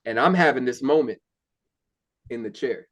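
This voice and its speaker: A young man speaking candidly in a relaxed conversation. He tells his faith story plainly and earnestly, with plenty of ums and restarts. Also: medium pitch, normal speed. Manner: candid, earnest, many fillers. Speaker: interview guest. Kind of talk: casual testimony.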